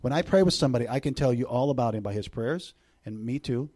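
A middle-aged man preaching a sermon as a visiting preacher to a church congregation, animated, swinging between loud bursts and hushed, intimate passages, with joking asides. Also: medium pitch, fast.

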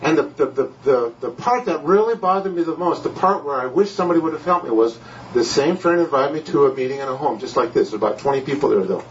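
Older man preaching, animated storyteller. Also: a little high, fast talker, recorded from a distance, dull audio, slight background noise. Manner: storytelling, animated, laughing at himself. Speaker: pastor. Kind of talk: sermon. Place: home gathering.

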